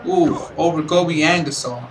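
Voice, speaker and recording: A man's voice: on the high side, normal speed, far from the mic, crowd noise, poor audio. A man giving casual let's-play commentary as a gaming YouTuber, rambling, apologetic and tired. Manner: rambling, chatty, apologetic, chuckles to himself. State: tired, yawning. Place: room at home with a window open.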